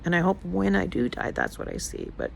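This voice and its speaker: A woman's voice: fairly low pitch, huge pitch swings, fairly quick, gravelly, a little hiss or hum, poor audio. An older woman talking casually in a personal vlog, emotional and rambling as she confides in her viewers. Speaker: vlogger.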